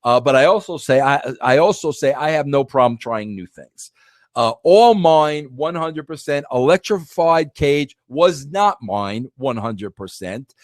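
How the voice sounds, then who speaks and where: A man's voice: medium pitch, expressive, unhurried, no room sound. A middle-aged man hosting a podcast, telling a long casual story with many restarts and emphatic repeats. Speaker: podcast host.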